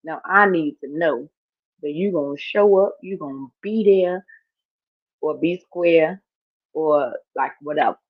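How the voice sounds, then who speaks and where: A woman vlogger chatting casually as she reacts to clips, expressive and quick to laugh. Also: sits low, dry recording. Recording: tinny, phone-like dry sound.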